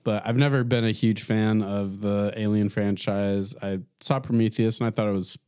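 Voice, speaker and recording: A man's voice: lowish voice, flat delivery, normal speed, darkish tone, smooth, no room sound, studio quality. A man co-hosting a casual podcast, hesitant and stumbling through his opinions. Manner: hesitant with restarts. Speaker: podcast co-host. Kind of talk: casual chat.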